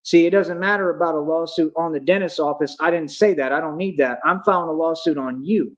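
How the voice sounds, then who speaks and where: Agitated high-voiced man ranting on a stream. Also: brisk, lo-fi sound. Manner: agitated, accusatory, taunting. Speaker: livestream host. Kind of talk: ranting livestream monologue.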